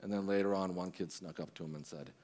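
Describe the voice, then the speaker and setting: A man's voice: deep voice, steady tone, fast, darkish tone. A middle-aged man, preaching a sermon in a conversational way with restarts and quoted asides.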